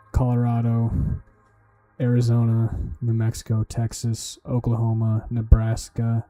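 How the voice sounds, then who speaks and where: In a warm, medium-pitched voice, a man talks to himself casually during a study livestream. He curses and invents joking mnemonics while he works.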